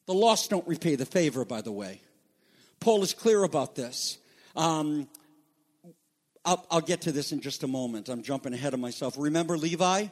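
A male pastor with a high-pitched voice delivers an emphatic sermon, rising to loud declarations and dropping to quiet asides. His words ring out with the long reverb of a large church hall. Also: lively intonation, normal speed.

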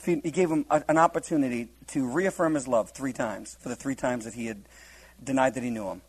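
A man's voice: medium pitch, a little fast, breathy edge, rough recording. A man preaching a humorous verse-by-verse Bible teaching, laughing often and acting out the scenes in different voices.

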